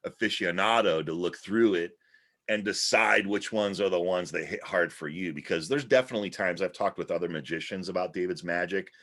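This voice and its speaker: A man's voice: low-pitched, brisk, fairly bright tone. A man chatting casually and enthusiastically about magic he admires.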